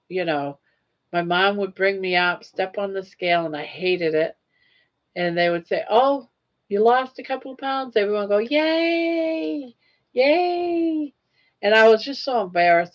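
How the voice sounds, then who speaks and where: An older woman hosts a relaxed livestream, chatting away, telling stories and laughing frequently. Her voice sits at medium pitch, and the audio sounds lo-fi.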